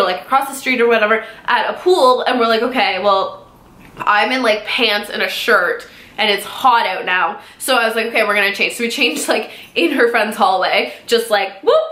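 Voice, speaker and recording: A woman's voice: a little high, pushed and bright. A young woman from Canada telling a casual storytime vlog, chatty and full of "like" fillers. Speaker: beauty vlogger. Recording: echoey room.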